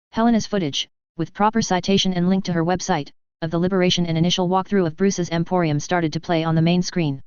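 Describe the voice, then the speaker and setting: A woman narrating a story in a steady, matter-of-fact way. Her voice is a little low. The recording is dry, with no room sound. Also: quick pace, hardly any pauses, clean tone, dry recording, highs cut off. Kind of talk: story reading.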